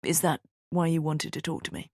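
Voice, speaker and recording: A woman voicing a composed middle-aged man in an audiobook, measured and reasonable in tone. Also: sits low, darkish tone, no echo, studio quality. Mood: guarded.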